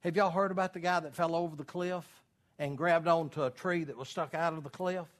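A man preaching a sermon as pastor, animated and storytelling, acting out voices in his illustrations. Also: on the high side, a little fast.

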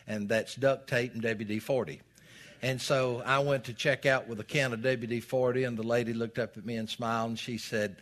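A man's voice: fairly low pitch, a bit bright. An older man preaching a sermon as a pastor, folksy and storytelling, with dramatic rises in his reading.

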